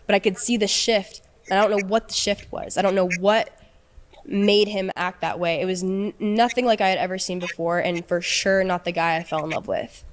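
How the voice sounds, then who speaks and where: Young woman, mid-pitch voice, halting speech, restarts and fillers, earnest, subdued, emotional personal story. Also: fairly even intonation. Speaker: interviewee recounting a relationship.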